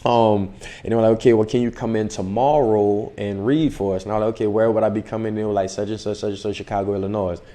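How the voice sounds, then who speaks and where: A young man, an actor, casually telling a story in an interview and acting out the dialogue with lively voices. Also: fairly low pitch, fast. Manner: animated, acts out dialogue in the story. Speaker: actor guest.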